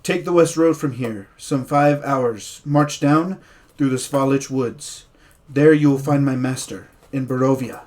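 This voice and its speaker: A man's voice: medium pitch, measured pace, darkish tone, natural voice. A man voicing a proud, swaggering male messenger who speaks formally, in a tabletop game.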